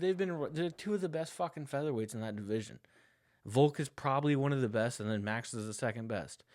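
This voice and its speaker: A man's voice: medium pitch, darkish tone. A young man hosting a casual sports talk show, ranting in a heated, profane, rambling way and getting worked up. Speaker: podcast host.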